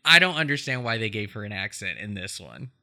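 A man's voice: on the low side, sing-song, brisk, vocal fry, noisy background. A man hosting a podcast, chatting casually about a film with many fillers and frequent laughs. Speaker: podcast host.

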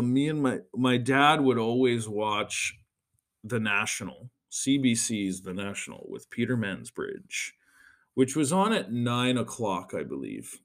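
A man's voice: medium pitch, a bit bright. A man hosting a podcast and talking in a rambling, chatty monologue, often swearing. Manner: rambling, chatty and profane, with frequent fillers. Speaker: podcast host. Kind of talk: casual solo monologue.

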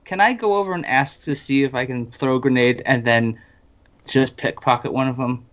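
A man's voice: mid-range voice, moderate pace, a bit bright. A man playing in a casual tabletop game, eager and pleading, rambling as he thinks aloud. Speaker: player. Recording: slightly dull audio.

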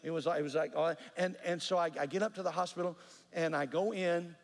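A man preaching a sermon, telling a story with earnest, animated delivery and repeated words. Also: a little high, a little fast, in a large hall. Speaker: pastor.

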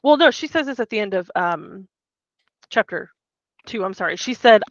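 A woman's voice: mid-range voice, animated, normal speed, pauses often, dry recording. Woman podcast host, casual recap, acts out quotes, muffled lo-fi sound. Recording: dull muffled mic.

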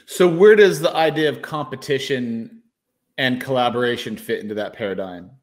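A man's voice: medium pitch, moderate pace. A man hosting a podcast, thinking aloud as he talks and poking fun at himself for rambling. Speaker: podcast host. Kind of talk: casual conversational interview.

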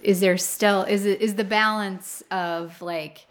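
A woman's voice: mid-range voice, steady tone, slow pace. A woman flower farmer talking through her thoughts in a casual interview, rambling with many fillers.

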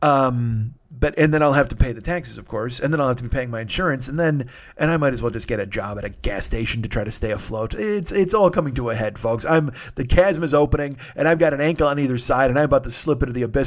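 A man's voice: mid-range voice, quick pace. Rambling, profane man telling a story. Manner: rambling, profane, self-deprecating, with sudden loud outbursts. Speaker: podcast host. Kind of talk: casual storytelling monologue.

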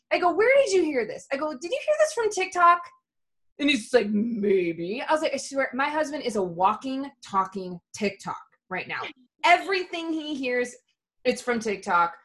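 A woman co-hosting a podcast, telling casual, animated stories with lots of swearing and laughter. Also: high voice. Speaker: podcast co-host. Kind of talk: casual chat.

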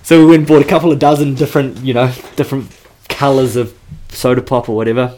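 A man's voice: mid-range voice, fairly even intonation, fast talker, a little mellow, slight background noise. A man in casual podcast chat, laid-back, swearing freely and laughing often as he tells stories.

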